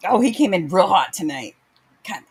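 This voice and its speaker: A woman's voice: fairly low pitch, big pitch swings, moderate pace, slightly rough. A woman co-hosting a casual livestream, trading sarcastic banter. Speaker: livestream co-host.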